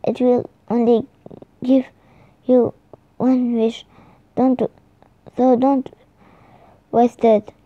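A woman voicing a kind, calm unicorn in a children's storybook, reading slowly with restarts. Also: on the high side, no room sound. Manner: slow, halting read with restarts. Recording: slightly dull lo-fi recording.

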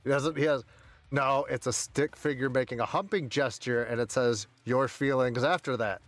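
A man's voice: mid-range voice, steady tone, normal speed, dry recording, soft background music. A man streaming a game, chatting casually with friends, rowdy, joking and swearing a lot. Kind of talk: casual live-stream chat.

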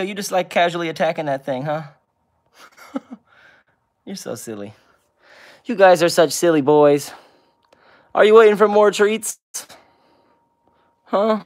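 A man's voice: on the high side, a bit bright, clean tone. A man hosting a casual livestream with viewers, answering comments one by one and cooing baby talk at his pets. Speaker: pet vlog host.

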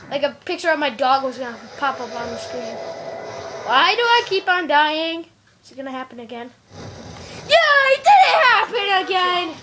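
Super high squeaky lady gamer, bouncy voice, yelling at the game, noisy gameplay behind. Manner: excitable, yells and squeals at the game. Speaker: gameplay video maker. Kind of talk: live gameplay commentary. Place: at home playing a video game.

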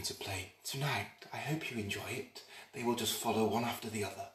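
A man's voice: lowish voice, fairly quick, a bit bright, slight background noise. A man hosting an online dance party, chatty and playful as he greets viewers by name. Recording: roomy sound, away from the mic.

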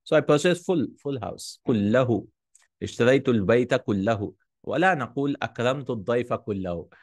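Guy teaching arabic grammar, reads the arabic fast, keeps asking hmm?, dry room no echo. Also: mid-range voice, expressive. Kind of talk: explaining a grammar text.

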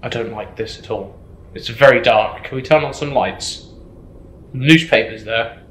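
A man's voice: medium pitch, unhurried, fairly bright tone, echoey room, low-quality recording. A man commentating a horror game, jittery, swearing and repeating himself. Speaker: gameplay streamer.

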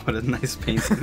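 A man playing a game with a friend, laid-back and laughing softly in casual chat. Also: sits high. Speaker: guest player.

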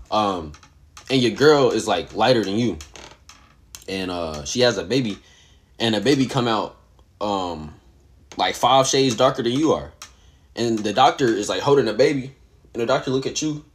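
A man's voice: fairly low pitch, a little hiss or hum. A young man casually spinning a hypothetical story, rambling and conversational, full of fillers.

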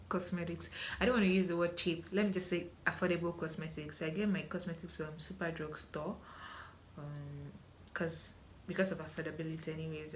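A woman's voice: on the low side, slight background noise. A young Nigerian woman with a Nigerian accent, chatting casually through a Q&A vlog with many ums and restarts. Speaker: vlogger.

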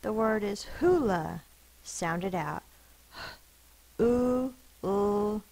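Slow, gravelly-voiced woman teacher. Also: on the low side, rough recording. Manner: slow, careful sounding-out of words; patient, explanatory. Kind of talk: spelling lesson.

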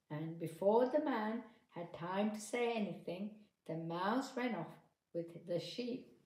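A woman narrating a children's story in a clear, steady storytelling manner. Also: mid-range voice, takes it slowly. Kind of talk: children's story read-aloud. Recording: echoey room.

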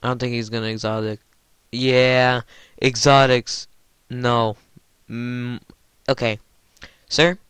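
A man hosting his gaming channel, giving excited gameplay commentary, giddy and stammering, addressing his viewers as guys. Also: medium pitch, takes it slowly, pauses often, clean tone, no echo.

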